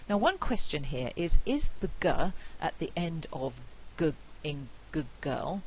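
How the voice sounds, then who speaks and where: Measured woman lecturing on phonetics. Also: low-pitched, sing-song, slight background noise, low-quality recording. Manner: clear, measured explanation with example words spoken slowly and repeated. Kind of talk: recorded university lecture.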